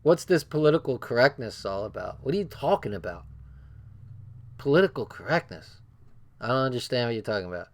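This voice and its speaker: A man's voice: medium pitch, lively intonation, a little fast. A man with a New Jersey accent reading a book aloud on a livestream and commenting bluntly, repeating phrases for emphasis.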